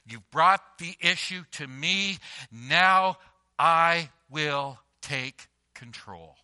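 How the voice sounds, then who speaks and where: A man voicing Jesus as a calm, reassuring man who offers to take someone's burden, speaking quietly and slowly. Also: fairly high pitch, clear, resonant tone, full character voice.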